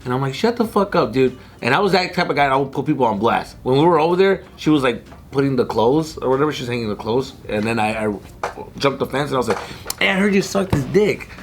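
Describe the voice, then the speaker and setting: A man telling a story in casual podcast chat, animated and profane, acting out other people's voices with sudden jumps in pitch. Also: fast talker, slight background noise.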